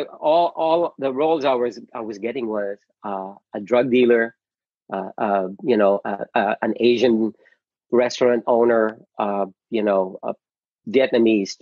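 A middle-aged man from the Philippines speaks with a husky, breathy tone and earnest feeling, often restarting and repeating words as he tells his story. His voice comes over a muffled, lo-fi video call with a dry, close sound. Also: mid-range voice, measured pace, no echo. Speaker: actor, interview guest. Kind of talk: casual interview storytelling.

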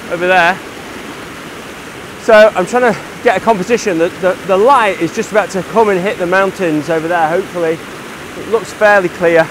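An English man with a high-sitting voice records a casual landscape photography vlog outdoors on a mountain. He chats eagerly while hiking and shooting, with background noise in the clip.

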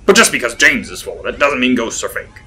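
A man's voice: mid-range voice, expressive, fast, sharp tone, a little hiss or hum. A man voicing a wry, sarcastic middle-aged man in a spoken story, with a dry, teasing drawl. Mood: storytelling.

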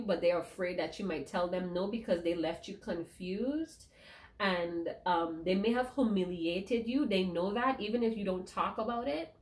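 A woman's voice: fairly low pitch, a little mellow. A woman giving an emotional tarot reading to her viewers, speaking emphatically and repeating key lines. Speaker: tarot reader.

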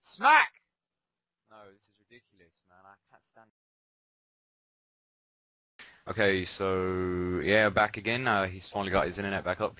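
A young man talks over his gameplay, swinging from quiet muttering to sudden ranting shouts. His voice is very bright and lively in pitch, and the sound is dry and close. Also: no echo, poor audio. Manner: rants and shouts in sudden bursts, mutters asides. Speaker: gaming commentator. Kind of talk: casual game commentary.

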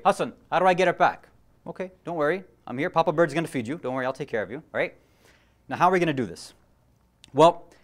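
Chatty, joking man giving a religious lecture. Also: fairly high pitch. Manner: joking, chatty, asks the audience questions. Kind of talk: casual Muharram lecture.

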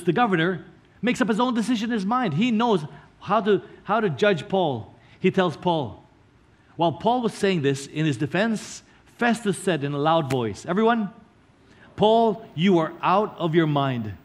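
A male pastor preaching a sermon, earnestly explaining scripture line by line and slowing down to stress key words. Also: sits high, lively intonation.

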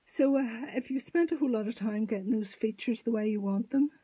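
A woman giving a step-by-step sculpting tutorial, thinking aloud as she works, halting and often dropping to a murmur. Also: a little high, dark tone, husky, poor audio. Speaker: sculpting teacher.

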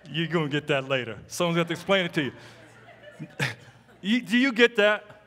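A man preaching as a pastor, telling stories in an animated way and teasing the congregation with playful asides. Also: fairly high pitch, normal speed, long pauses. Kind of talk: sermon. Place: church sanctuary. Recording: long hall reverb.

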